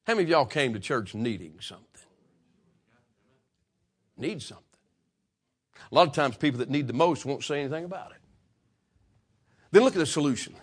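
A man preaching a sermon, swinging from loud, passionate peaks to hushed, quiet stretches. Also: on the high side. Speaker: pastor.

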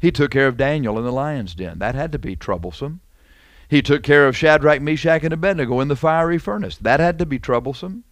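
A man's voice: a little high, lively intonation, normal speed, fairly bright tone, dry recording. Emphatic preacher man, dry close sound. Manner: repetitive, emphatic, conversational with rhetorical questions. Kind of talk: sermon.

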